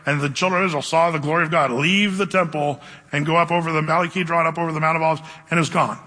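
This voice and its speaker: A man's voice: on the high side, pushed and bright, in a large hall. A man preaching a Bible teaching sermon in a conversational way, reading scripture aloud and asking the congregation questions. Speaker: pastor.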